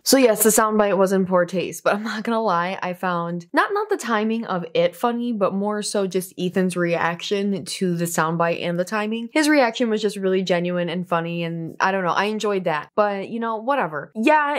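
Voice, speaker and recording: Chatty woman recapping online drama. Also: mid-range voice. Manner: chatty, offhand, with filler asides. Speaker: commentary channel host. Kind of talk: casual commentary vlog.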